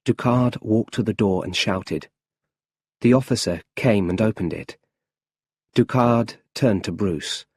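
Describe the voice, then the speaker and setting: A man reading a simple storybook aloud for English learners in a slow, deliberate way. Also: fairly low pitch, darkish tone, husky. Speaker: audiobook narrator.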